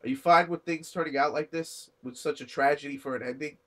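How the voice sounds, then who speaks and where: A man's voice: fairly high pitch, fairly even intonation, brisk. A young man casually recapping an anime episode, rambling with many fillers and restarts and briefly acting out the characters' lines. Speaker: anime reviewer.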